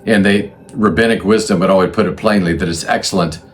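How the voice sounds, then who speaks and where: A low-voiced man talks fast as he hosts a channel on religious history, faint music playing behind him. He explains loosely and unscripted, thinking out loud with frequent restarts and self-corrections.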